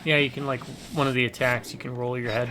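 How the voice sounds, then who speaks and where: A man's voice: medium pitch, flat delivery, fast, background noise. A man hosting a co-op gaming stream, chatting casually and rambling into jokey asides about old games. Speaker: co-op gaming channel host. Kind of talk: casual gameplay chat.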